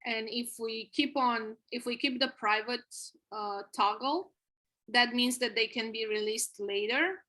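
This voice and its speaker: Bright-voiced woman on a work call. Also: a little high, measured pace, poor audio. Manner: methodical, works through points step by step. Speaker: app tester on a team call. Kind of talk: casual work meeting.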